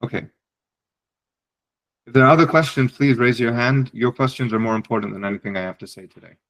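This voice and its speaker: A man's voice: mid-range voice, fairly quick, fairly bright tone, poor audio. A man presenting a webinar, a psychiatry fellow giving direct, encouraging writing advice over a video call, often repeating words as he restarts.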